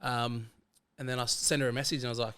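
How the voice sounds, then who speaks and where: Fast-talking Australian bloke telling stories. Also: male voice, medium pitch, smooth. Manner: animated, fast-flowing anecdotes that act out quoted dialogue. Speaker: podcast guest. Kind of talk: casual storytelling chat.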